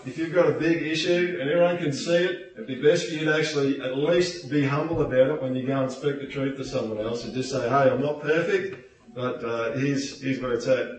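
A male preacher delivers a lively sermon, his voice bouncing around a large echoey hall. He sounds set back from the microphone. He slips into playful put-on voices to act out what people say. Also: medium pitch, fairly quick. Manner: animated, playful, acts out quotes with voices. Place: church hall. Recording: echoey hall, distant mic.

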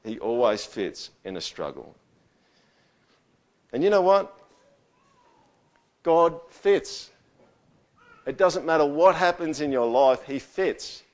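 A man preaching a sermon to his church. He swings from near-whispers to loud, booming scripture quotes and often asks the room to answer back. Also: big pitch swings, takes it slowly, long pauses. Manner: asks the congregation for agreement. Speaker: pastor. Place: church hall with live sound. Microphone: stage microphone through a sound system.

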